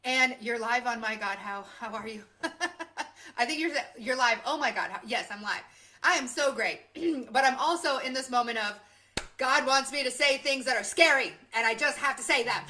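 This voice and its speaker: A woman's voice: fairly high pitch, normal speed, sharp tone. A woman hosting her own live stream, talking off the cuff in an impassioned, rambling way with lots of emphatic repetition. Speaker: host of a motivational live stream. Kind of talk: unscripted live stream monologue.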